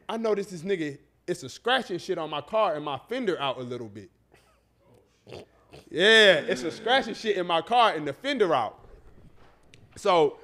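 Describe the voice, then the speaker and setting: High-voiced man telling an animated story. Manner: animated, profane storytelling with acted-out quotes. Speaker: podcast co-host. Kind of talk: casual storytelling.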